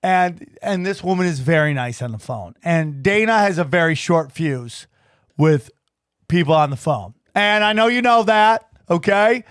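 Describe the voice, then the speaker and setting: Animated high-voiced man telling a story. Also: a little slow, smooth, dry recording, clean studio sound. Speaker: podcast host. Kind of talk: casual chat.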